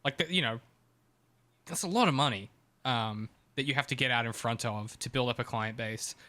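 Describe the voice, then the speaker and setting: A man's voice: medium pitch, normal speed, bright, forceful tone. A man co-hosting a podcast in casual chat, chatty and profane with frequent ums. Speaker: podcast co-host.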